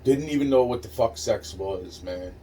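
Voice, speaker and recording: A man's voice: fairly low pitch, normal speed, mellow. Rambling, profane man telling a story. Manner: rambling, profane, many restarts and fillers. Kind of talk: casual first-person storytelling. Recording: distant mic with faint noise.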